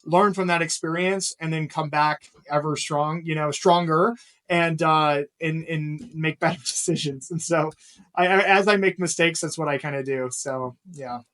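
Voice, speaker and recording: A man's voice: on the high side, steady tone, normal speed, a bit bright. A man talking as a podcast guest, rambling with lots of fillers and frequent laughter. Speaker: guest, real estate investor. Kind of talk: casual podcast interview.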